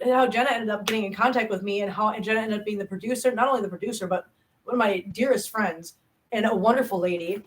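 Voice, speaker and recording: A woman's voice: mid-range voice, poor audio. A woman, chatting casually with viewers on her livestream, rambling and self-deprecating. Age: 40s. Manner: animated, rambling, self-deprecating, quick bursts. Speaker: channel host. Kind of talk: casual livestream chat reading comments.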